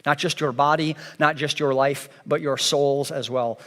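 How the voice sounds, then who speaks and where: A man's voice: on the high side, steady tone, moderate pace, a bit bright, long reverb tail. A man preaching a sermon as pastor, in an earnest, repetitive cadence. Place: church sanctuary.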